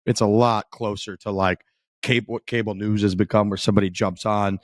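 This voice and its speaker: A man's voice: lowish voice, steady tone, fairly quick, no echo, studio quality. A man hosting a podcast, talking in a laid-back, rambling and wry way as he introduces the show. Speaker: podcast host. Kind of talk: casual chat and show intro.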